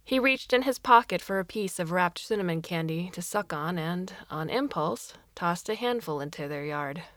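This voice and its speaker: A woman narrates a story in a fairly low voice. Her reading is expressive, and she slips into voices for the characters. The sound is dry and close, with no room echo. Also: normal speed. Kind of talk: audiobook narration.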